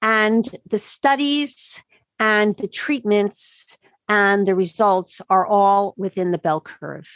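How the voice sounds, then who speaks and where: A woman, a doctor answering podcast interview questions with emphatic, animated explanations. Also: mid-range voice, slow pace, no echo. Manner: emphatic, animated storytelling with quoted asides. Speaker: integrative medicine doctor, podcast guest.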